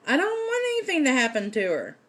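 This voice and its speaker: A woman's voice: high voice, wildly swooping pitch, fast, fairly bright tone. A woman hosting a casual livestream lesson on folk magic, talking in a chatty way with many "um" fillers. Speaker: host teaching folk magic.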